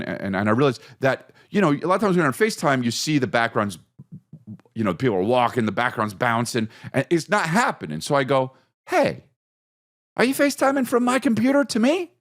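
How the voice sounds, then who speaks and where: A man hosting a podcast, telling a comedic story and acting out his own and others' lines with big jumps in his voice. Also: fairly quick. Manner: animated, acts out quotes with big pitch jumps. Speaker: podcast host.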